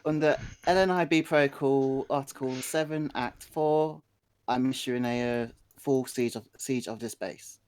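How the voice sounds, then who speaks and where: A man's voice: medium pitch, a little slow, a little mellow, smooth, dry recording. A man playing a tabletop game, speaking earnestly with stammers and restarts. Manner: stammering, earnest in-character speech. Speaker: player.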